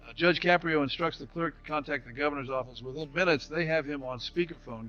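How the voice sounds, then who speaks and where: A man giving a scripted, dramatic story narration in an even voice. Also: medium pitch, fairly quick, hardly any pauses. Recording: slightly dull audio with faint music.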